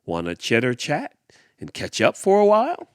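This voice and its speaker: A sly, chummy old storybook crow with a squawky, teasing voice, as a man puts him on. The voice is pitched up and leaps around a lot, and it sounds close and dry. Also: huge pitch swings, moderate pace, a little mellow, smooth, no room sound. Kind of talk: storybook read-aloud.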